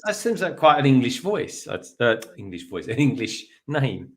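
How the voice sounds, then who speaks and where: A man's voice: mid-range voice, big pitch swings, normal speed. A British man co-hosting a livestream, chatting casually and hesitating with repeated words. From United Kingdom. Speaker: livestream co-host. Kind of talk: casual chat.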